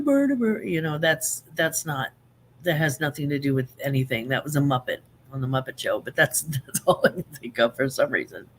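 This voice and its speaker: Her deep, slightly bright voice belongs to a woman in her fifties hosting a live stream. The chat is casual and rambling, with many fillers and restarts, and she laughs often between remarks.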